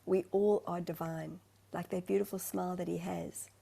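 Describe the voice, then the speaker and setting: A South African-born woman medium shares her thoughts over a video call. Her voice is gravelly and mellow, and she talks in an earnest, searching way. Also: fairly low pitch, level tone, normal speed. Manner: earnest, searching for words, breathy asides. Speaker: spiritual medium, guest. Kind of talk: heartfelt conversational sharing.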